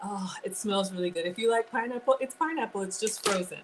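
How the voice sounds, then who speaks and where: A chatty Ghanaian woman in her forties streams herself cooking in her home kitchen, greeting people and responding to comments while teasing herself. She speaks fairly quickly in a mid-range voice, over a low-quality recording with slight hiss or hum.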